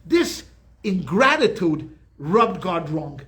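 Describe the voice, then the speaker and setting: An older male rabbi with a notably high voice gives an informal Torah class. He tells the stories with animation, acts out the characters' words and often repeats himself as he talks. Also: slow. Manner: animated storytelling, acts out quotes, frequent repetitions.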